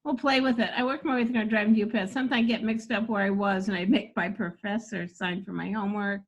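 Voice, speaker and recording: An older woman talks through jokes in a relaxed coaching chat, quick and animated, breaking into laughter again and again. Her voice sits at an ordinary middle pitch for a woman. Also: lo-fi sound. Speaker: comedy coach. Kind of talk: casual workshop chat.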